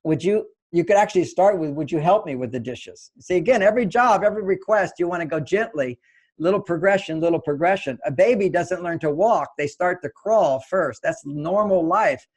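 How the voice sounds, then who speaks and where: Here an older relationship author, interviewed as a guest, walks through advice step by step and plays both partners in quoted exchanges. He sounds high-pitched, brisk and slightly rough.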